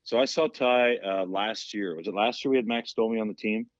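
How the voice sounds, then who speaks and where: A man with a fairly low voice tells stories in a loose, conversational way. He jumps into the voices of the people in his anecdotes. The sound is dry and a little dull, with no room echo. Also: brisk. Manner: animated storyteller, acts out quotes. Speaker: podcast guest, former hockey player. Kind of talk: casual storytelling.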